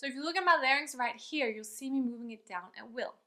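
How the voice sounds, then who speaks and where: Woman voice teacher, higher pitch, bright tone, chatty and upbeat. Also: quick pace. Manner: upbeat and chatty, breaks off to demonstrate sounds. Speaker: vocal coach. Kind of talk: online singing lesson.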